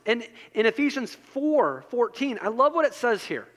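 A man's voice: very high voice, sing-song, moderate pace, a bit bright. A man preaching a sermon as a pastor, earnest and repetitive as he drives his points home. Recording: long reverb of a large hall.

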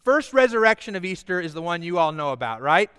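A man preaching an Easter sermon as pastor, lively and calling the congregation to repeat after him. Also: sits high, fast talker, clear, resonant tone. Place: church sanctuary with congregation. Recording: long hall reverb.

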